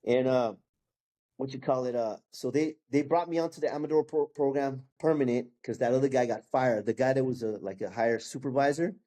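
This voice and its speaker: A man's voice: mid-range voice, a little fast, warm tone. A man in his fifties, a guest sharing his testimony in casual storytelling, acting out the people in it and dropping "bro" and "man" as he goes.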